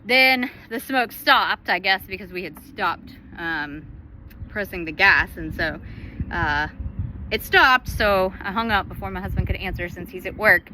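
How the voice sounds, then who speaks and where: A woman's voice: medium pitch, expressive, unhurried, sharp tone, slight background noise. A woman in her thirties telling a family story in a chatty vlog, laughing often as she talks. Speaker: vlogger and mother.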